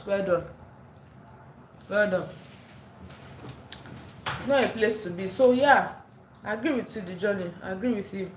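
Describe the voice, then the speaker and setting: A woman's voice: mid-range voice, unhurried, pauses often, slight background noise. Woman from Africa, livestream host, chatty commentary on viewer comments, roomy echo. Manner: chatty, laughs often, reads viewer comments aloud. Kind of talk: casual livestream chat reading comments. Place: indoors at home. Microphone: phone, later a clip-on mic.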